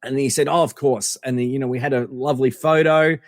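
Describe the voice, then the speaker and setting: A middle-aged man from Australia, a podcast guest telling animated anecdotes with lots of fillers and restarts. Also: mid-range voice, fairly quick, no echo, clean studio sound, big-room sound. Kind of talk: casual storytelling interview.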